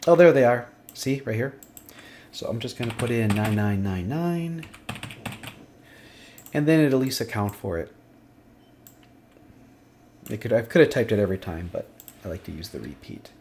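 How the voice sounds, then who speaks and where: A man's voice: medium pitch, sing-song, moderate pace, long pauses, darkish tone, a little hiss or hum. A man teaching a screen-recorded spreadsheet lesson, thinking aloud and muttering to himself as he works. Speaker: instructor. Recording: faint clicking and typing behind.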